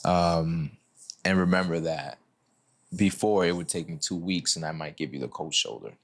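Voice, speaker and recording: Deep-voiced reflective man. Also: moderate pace. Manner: relaxed, reflective, casual speech. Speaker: podcast guest. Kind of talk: casual podcast chat.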